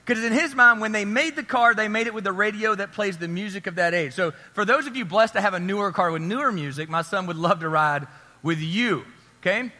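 A man's voice: sits high, fairly quick, sharp tone. A man in his thirties preaching a sermon, telling a story in a conversational way and asking the crowd for agreement. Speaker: pastor. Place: church hall. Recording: long hall reverb.

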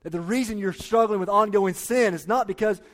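A man preaching a sermon, emphatic, repeating key phrases and dropping to quiet low lines. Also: brisk. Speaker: pastor.

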